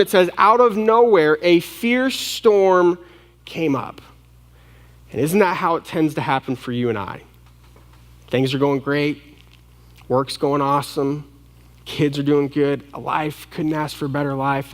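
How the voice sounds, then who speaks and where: A man preaching a sermon as pastor, dramatic, swinging from hushed to loud and acting out panicked voices. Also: a little high, in a large hall. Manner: acts out the disciples' panicked voices.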